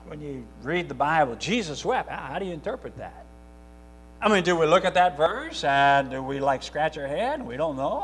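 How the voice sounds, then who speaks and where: A man's voice: high-pitched, bright, forceful tone. A man reading scripture aloud and then preaching a sermon, earnest and emphatic, repeating his key points with frequent restarts.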